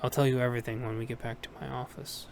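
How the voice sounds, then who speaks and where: Stern female captain with a Russian accent, read by a man, curt, even-voiced, light background hiss. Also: mid-range voice, fast, vocal fry, lightly acted. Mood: measured. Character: stern middle-aged woman captain, Russian-tinged.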